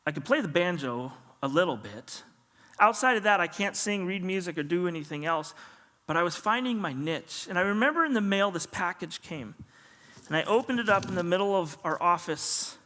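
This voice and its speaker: Animated man preaching in a hall. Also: high-pitched. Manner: animated storyteller, acts out dialogue. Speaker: pastor. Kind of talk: sermon storytelling. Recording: long hall reverb.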